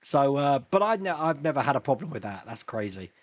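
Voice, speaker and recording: A man's voice: mid-range voice, very animated, fairly quick, dry recording. A man hosting a casual live stream, chatting and reading viewer comments with frequent chuckles and restarts.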